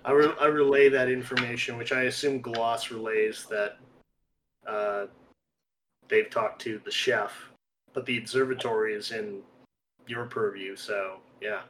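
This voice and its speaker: A man playing a tabletop game, talking in a halting, filler-heavy way. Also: medium pitch, flat delivery, fairly bright tone, a little hiss or hum, low-quality recording. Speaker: player.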